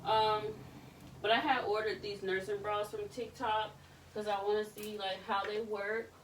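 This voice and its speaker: A pregnant woman in her thirties vlogging casually while tidying her bedroom, telling candid, animated stories full of slang. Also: medium pitch, measured pace, far from the mic, a little hiss or hum. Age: 30s. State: pregnant, back aching. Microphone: camera set up across the room.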